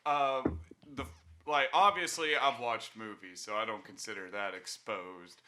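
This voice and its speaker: A man from Alabama, a guest telling stories in a casual podcast chat, animated and swearing freely. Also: lowish voice, unhurried.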